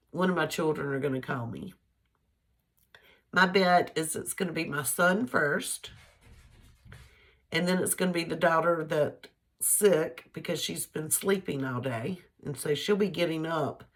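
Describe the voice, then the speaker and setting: Low-voiced woman vlogging advice. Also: creaky. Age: middle-aged. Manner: chatty, opinionated, laughs easily. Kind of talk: casual advice vlog.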